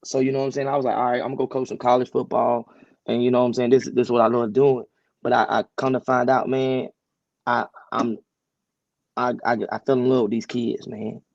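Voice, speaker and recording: Gravelly-voiced man, dull lo-fi sound. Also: medium pitch, brisk, dry recording. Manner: relaxed, stammers on restarts. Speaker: high school coach, guest. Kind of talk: casual interview storytelling.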